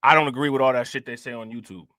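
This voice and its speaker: A man's voice: medium pitch, fairly even intonation, rapid-fire, bright, forceful tone, no echo, clean studio sound. A man hosting a casual livestream, talking loosely in slang and saying "you know what I'm saying" over and over. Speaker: livestream host.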